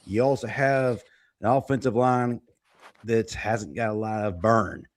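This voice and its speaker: A man's voice: lowish voice, measured pace. A man hosting a live sports talk show, upbeat and emphatic as he reads sponsor plugs and steers the panel. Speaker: show host.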